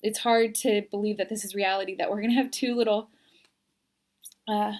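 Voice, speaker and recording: A woman's voice: mid-range voice, steady tone, normal speed, a little mellow. A young woman giving a casual, earnest pregnancy update to her viewers. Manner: chatty and earnest, emotional, near tears at the end. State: twenty weeks pregnant. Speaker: vlogger.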